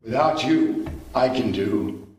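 A man's voice: mid-range voice, animated, slow, a little mellow. Emphatic preaching man, echoey room. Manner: emphatic, conversational preaching with rising exclamations. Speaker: pastor. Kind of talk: sermon.

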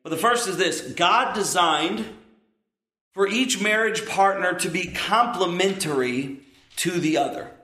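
A pastor in his thirties, whose voice sits a little high for a man, delivers an earnest, emphatic sermon in an unhurried, sharp tone. He makes asides to the congregation, and the church room's echo is audible.

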